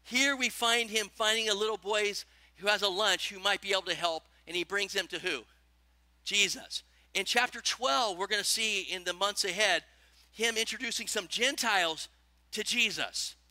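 A male pastor delivers a lively sermon and keeps putting questions to his listeners. His voice sits high and sounds very bright. The recording is close and dry, with no room sound. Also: moderate pace, no room sound. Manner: animated preaching, asks the congregation questions.

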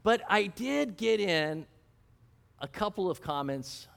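A man's voice: high voice, sing-song, slow pace, vocal fry, fairly bright tone. A man, a pastor, giving a conversational sermon, asking rhetorical questions and telling stories with a chuckle. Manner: asks rhetorical questions and answers them; storytelling, chuckling, self-deprecating.

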